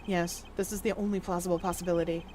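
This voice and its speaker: A woman voicing a cool, formal male prosecutor who lays out his reasoning in a measured, precise way. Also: on the low side, flat delivery, mellow, a little hiss or hum, voice pushed down, close to an everyday voice. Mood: calm, deductive.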